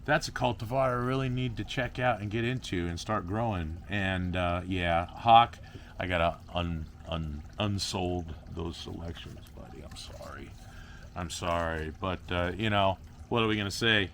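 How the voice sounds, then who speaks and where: A man's voice: low-pitched, a bit bright, a little hiss or hum. A young man rambling goofily to himself and his viewers while repotting plants in a casual vlog. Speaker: plant grower vlogger.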